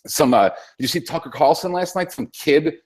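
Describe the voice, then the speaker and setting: A man's voice: on the high side, moderate pace. A man in casual political talk-show chat, rambling and sarcastic, swearing often.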